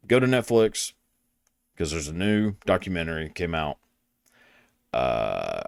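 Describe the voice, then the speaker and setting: Deep and gravelly yet clear and resonant, the voice of a young Southern US man comes through clean studio sound without echo. Hosting a podcast, he delivers a rambling casual monologue, swearing heavily and poking fun at himself in a crude way.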